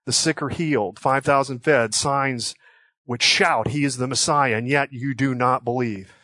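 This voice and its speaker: A man's voice: medium pitch, pushed and bright, no echo. Earnest male preacher, dry close sound. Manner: earnest, slows for emphasis on quoted scripture. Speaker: pastor. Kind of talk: sermon.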